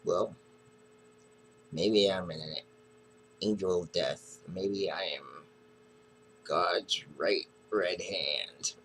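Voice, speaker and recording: A man reading aloud the lines of a menacing masked male vigilante, slow and measured. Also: low-pitched, fairly bright tone, slight background noise, heavily acted, poor audio.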